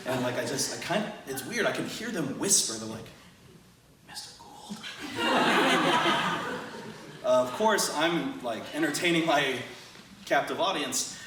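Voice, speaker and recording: A man who is a teacher, telling a true personal story live on stage to an audience, animated and self-deprecating with frequent laughs. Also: on the high side, moderate pace, very noisy. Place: event venue with audience, large room. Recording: very echoey room, voice from far off.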